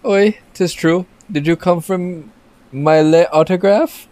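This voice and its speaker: A man's voice: high voice, slow pace, darkish tone, no echo, pitched above the performer's own voice. A man voicing a boastful male French chef in a mock French accent, reading game dialogue aloud.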